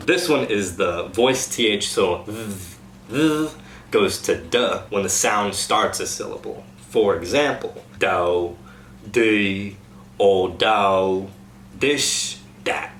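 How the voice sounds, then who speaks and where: A man coaching a cast on dialect sounds in an upbeat, casual way, slowing down to demonstrate each sound. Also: fairly low pitch, fairly bright tone. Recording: echoey room, faint noise.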